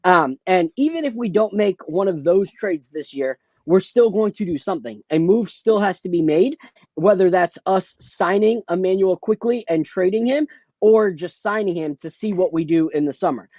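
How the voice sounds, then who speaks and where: A man's voice: high voice, expressive, moderate pace, a little mellow, no room sound. A man co-hosting a casual sports podcast, making an emphatic, opinionated point at length. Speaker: podcast co-host. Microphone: headphones with a remote mic. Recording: dull lo-fi headset mic.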